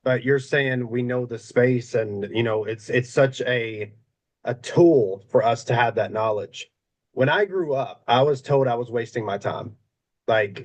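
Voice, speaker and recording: Relaxed male podcast co-host. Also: medium pitch, a little slow. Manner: relaxed, conversational storytelling. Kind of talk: casual chat.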